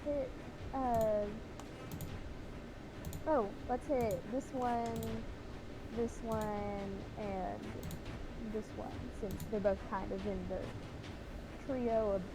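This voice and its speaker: A woman playing a tabletop game, thinking aloud in a halting way while she decides on her moves. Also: medium pitch, steady tone, noisy background. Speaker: player. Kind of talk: casual tabletop game play.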